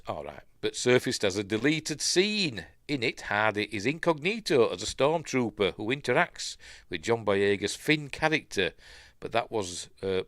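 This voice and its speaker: A man's voice: lowish voice, fairly bright tone, dry recording, clean studio sound. A man with a Yorkshire accent hosting a casual live stream, rambling as he reads news and chat comments aloud and adds his own asides. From Yorkshire, England.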